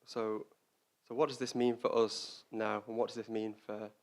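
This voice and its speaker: Halting, reflective male Dharma teacher. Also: on the low side, level tone, darkish tone. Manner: reflective, halting, repeats words while searching for them. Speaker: Buddhist teacher. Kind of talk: Dharma talk.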